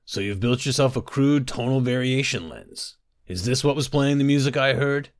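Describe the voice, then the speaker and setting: A man's voice: mid-range voice, normal speed, dry recording, studio quality, natural voice. A man voicing a dismissive older male dwarven engineer who scoffs and lectures. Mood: lecturing. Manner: brusque, scoffing.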